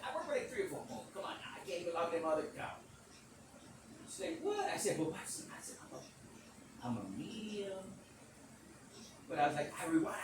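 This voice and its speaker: A man hosting a podcast, telling a rambling, animated story in speech, swearing casually and acting out the quotes. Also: fairly high pitch, distant mic. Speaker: podcast host. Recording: echoey room, off-mic, background noise.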